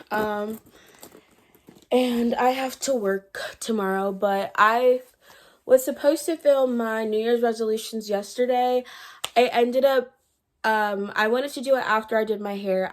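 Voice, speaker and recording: A woman's voice: on the high side, a little hiss or hum. A young woman vlogger chatting casually to her viewers, slightly out of breath, rambling with fillers and restarts. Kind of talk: casual chat.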